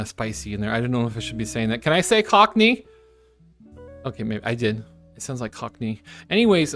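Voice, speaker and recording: A man's voice: mid-range voice, fairly bright tone. A man streaming casually while he draws, chatting in a playful, rambling way and slipping into silly voices.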